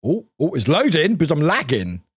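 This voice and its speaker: A man from the UK chatting casually with viewers on a live stream as he plays a word game, upbeat and quick to greet people. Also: fairly high pitch, huge pitch swings, husky, no echo, studio quality. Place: home room with a cat nearby.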